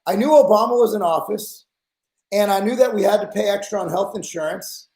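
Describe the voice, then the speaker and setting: Podcast host, man in his forties, high-pitched, blunt exasperated rant, echoey room. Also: a little fast, mellow. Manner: blunt, profane, exasperated ranting.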